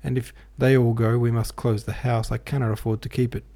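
A man's voice: medium pitch, level tone, brisk, gravelly, dark tone, close to an everyday voice. A man reading aloud, voicing a distressed, pleading middle-aged German landlady in a storybook. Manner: pleading, anxious.

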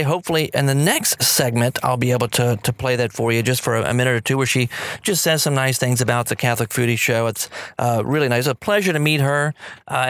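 A man's voice: medium pitch, a bit bright, no room sound. A man hosting a podcast in a casual solo monologue, rambling and enthusiastic with many fillers and restarts. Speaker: podcast host.

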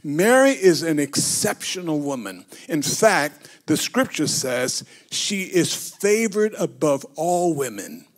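A man's voice: on the high side, big pitch swings, slow pace, hardly any pauses. A man preaching a sermon as bishop. He tells the scripture as a story, acting it out and leading the congregation in call and response.

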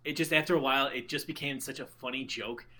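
A man's voice: mid-range voice, fairly even intonation, fast talker, pushed and bright. A young man co-hosting a casual movie podcast, rambling with fillers and casual swearing.

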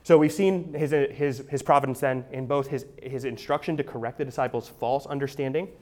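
A man delivers an expository sermon at a middle pitch. He teaches conversationally, restarting phrases and checking in with his listeners. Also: steady tone, a little fast, a little mellow. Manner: conversational teaching, frequent restarts, asks "right?". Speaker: pastor.

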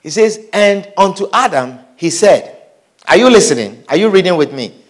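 A male preacher with a high, lively voice delivers a sermon. He reads scripture aloud and repeats his phrases for emphasis. He often stops to ask the congregation questions. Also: normal speed.

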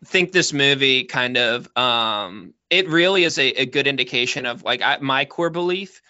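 A man co-hosting a casual film-discussion podcast, animated and opinionated, with lots of filler words. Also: mid-range voice, dry recording, lo-fi sound. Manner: animated, opinionated, talks fast with many fillers. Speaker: podcast co-host.

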